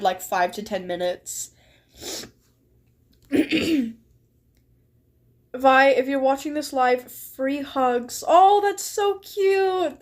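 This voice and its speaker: A young woman streamer with a high voice chats casually on a live stream and breaks into giggles mid-sentence. She takes her time, speaking at an unhurried pace. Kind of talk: casual live-stream chat, reading a chat log aloud.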